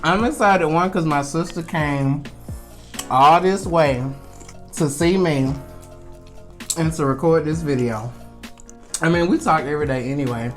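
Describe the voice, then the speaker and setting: A man's voice: fairly high pitch, measured pace, pauses often, faint music behind. A young man in his twenties, hosting a casual mukbang food vlog in a laid-back, chatty way and laughing easily.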